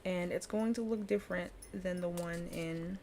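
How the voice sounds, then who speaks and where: A woman's voice: fairly low pitch, fairly even intonation, moderate pace, a little mellow, a little hiss or hum. Chatty woman teaching pronunciation, laughing often. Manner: chatty, laughs often, explains with many fillers. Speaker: language teacher. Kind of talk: casual spoken lesson.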